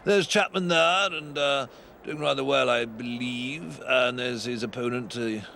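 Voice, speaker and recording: A man's voice: mid-range voice, a little slow, creaky, bright, forceful tone, slight background noise. A man voicing a pompous, rambling upper-class English commentator with a callous, offhand manner, in comic commentary over old sports footage.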